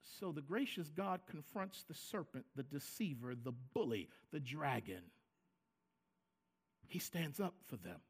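Pastor, male, high gravelly voice, lively delivery with acted-out quotes. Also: measured pace. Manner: animated preaching, acting out quoted lines, repeats words for emphasis. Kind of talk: sermon.

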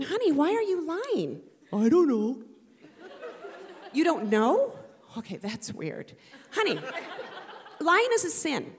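A woman's voice: high-pitched, a bit bright. A middle-aged woman and mother telling a humorous personal story to an audience, with a playful, punchy delivery.

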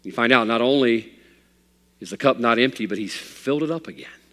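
A male pastor delivers a storytelling sermon. His voice swells into loud, emphatic lines and then drops low and quiet. The sound carries a long reverb, as in a church hall. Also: a little fast.

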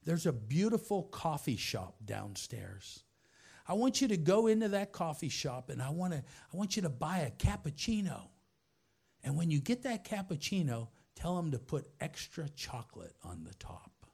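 An older man preaching a sermon full of stories, dropping soft and low, then rising into loud, high exclamations. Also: sing-song, moderate pace, gravelly, husky. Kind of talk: sermon with storytelling.

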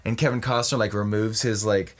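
A man riffing crudely and at length, pitching an absurd movie idea to his co-host in casual comedic talk. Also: a little fast. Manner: animated, crude, rambling storyteller.

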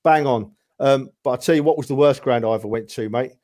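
A man, a podcast guest telling football stories in lively casual chat and saying "mate" a lot. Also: mid-range voice, quick pace. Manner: animated storyteller, says "mate" and "right?" often.

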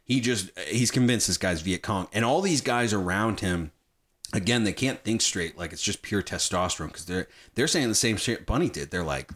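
A man with a low voice talks through a film in casual chat. His pitch swings widely as he gets animated, and he swears freely while acting out lines from the scenes he retells. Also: normal speed.

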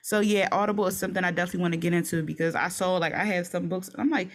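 Chatty, animated woman co-host. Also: fairly low pitch, racing. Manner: chatty, animated, rambling with fillers and laughs. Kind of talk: casual chat.

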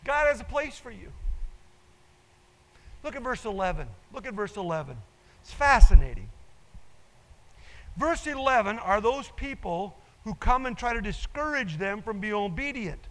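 A man's voice: sits high, lively intonation, moderate pace, sharp tone. An older man, a pastor preaching a sermon with emphasis and repeating his key phrases. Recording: long reverb in a large hall.

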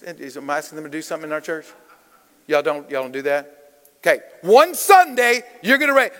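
A man's voice: high voice, fairly bright tone, in a large hall. A man preaching to a congregation as a guest speaker, playful and engaging, questioning the crowd and drawing responses. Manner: playful, calls on the congregation, Southern "y'all". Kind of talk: lively interactive sermon. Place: church.

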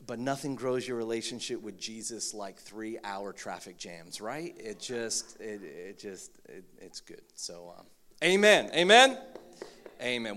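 A man in his thirties preaching from the pulpit in a joking, self-mocking way, with a somewhat low voice. He often stops to say "uh" and starts his sentences over. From Philippines. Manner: joking, self-mocking, many fillers and restarts. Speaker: pastor. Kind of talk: humorous sermon.

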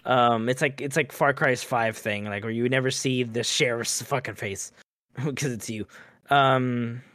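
A man's voice: medium pitch, steady tone, measured pace, a bit bright, dry recording, clean studio sound. A man chatting casually about a video game, laid-back, swearing casually and mimicking characters. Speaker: podcast co-host.

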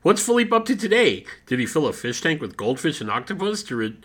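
Lively, bright-voiced man hosting comedic banter. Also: a little high, brisk. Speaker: comedy podcast host. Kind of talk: comic in-character banter.

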